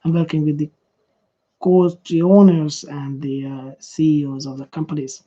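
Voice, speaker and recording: A man with a Hungarian accent, a business coach, rehearses his introduction to camera, trailing off and starting again with plenty of fillers. His voice is warm and mellow. The recording sounds dull and muffled. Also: a little high, little pitch movement, a little hiss or hum. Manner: halting, restarts with many fillers.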